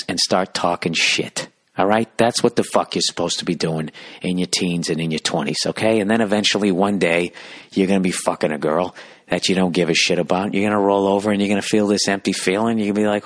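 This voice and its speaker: A man's voice: low-pitched, steady tone, brisk, fairly bright tone. Sarcastic, swearing male podcast host. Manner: sarcastic, profane, riffing. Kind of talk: solo comedic rant.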